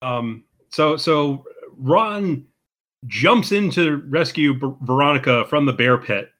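A man with a bright, forceful voice chats through a movie recap on a podcast. He is jokey and playful and often jumps into high, silly voices to act out lines. He sounds close to the mic. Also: expressive, slow pace. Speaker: podcast co-host. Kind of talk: casual movie recap chat.

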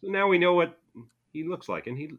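A man co-hosting a podcast, reading listener comments aloud and teasing in a dry, deadpan way. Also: a little high, fairly quick, phone-quality sound. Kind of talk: casual chat.

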